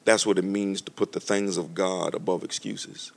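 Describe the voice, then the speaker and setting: A man preaching a storytelling sermon to a congregation, animated and conversational, often restarting his sentences. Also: deep voice, normal speed, creaky. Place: church with a live congregation.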